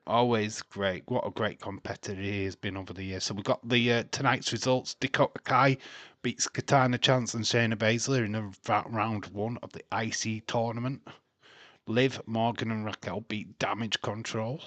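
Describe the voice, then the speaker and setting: A man's voice: lowish voice, steady tone, normal speed, fairly bright tone, dry recording. A man hosting a live wrestling watch-along stream, giving casual commentary, often laughing and teasing his chat. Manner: chatty, laughs often, reads and teases chat. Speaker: livestream watch-along host.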